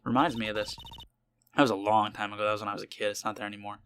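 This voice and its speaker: A man's voice: on the low side, flat delivery, racing, a bit bright, a little hiss or hum. A man giving casual gameplay commentary with crude, joking asides. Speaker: let's player.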